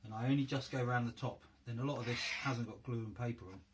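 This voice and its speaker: A man's voice: mid-range voice, fairly even intonation, fast talker, background noise. A man with a North London accent hosting a casual hands-on crafting tutorial, chatting and thinking aloud as he works in a home workroom. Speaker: crafting video host.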